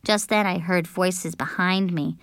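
A woman reading a children's book aloud as a childlike, expressive first-person narrator. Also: on the low side, measured pace, smooth, no room sound, studio quality. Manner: bouncy, childlike and expressive, with shrieks. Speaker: audiobook narrator.

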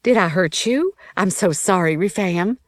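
A woman's voice: lowish voice, expressive, unhurried, no room sound, voice pushed up. Woman doing a remorseful young vampire girl. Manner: anxious, apologetic.

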